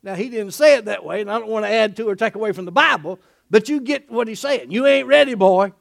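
A middle-aged man preaching a lively sermon in a folksy way. He laughs often, asks his listeners "isn't that right?" and acts out the people in the passage he is reading. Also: high-pitched, fast, gravelly. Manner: animated, folksy, laughing often, acting out quotes.

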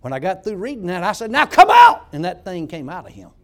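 Animated folksy older-sounding man preaching. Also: sits high, quick pace. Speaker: former prison pastor, guest. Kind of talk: storytelling testimony.

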